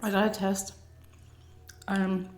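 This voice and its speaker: A woman's voice: mid-range voice, little pitch movement, slow, darkish tone. Chatty woman telling a story in an echoey room. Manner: chatty, full of "like" and "um" fillers. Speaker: vlogger telling a personal story. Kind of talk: casual storytelling.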